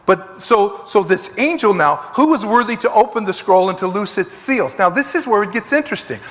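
A man's voice: sits high, lively intonation, brisk, a bit bright. A man leading a conversational Bible study, emphatic and digressive, repeating phrases for stress. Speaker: Bible teacher. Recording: long reverb of a hall.

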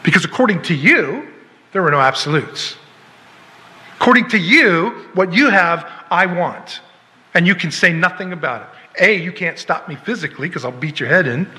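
A man's voice: sits high, expressive, moderate pace, bright, forceful tone, long reverb tail. A man preaching a sermon as pastor, emphatic, firing rhetorical questions and acting out little dialogues.

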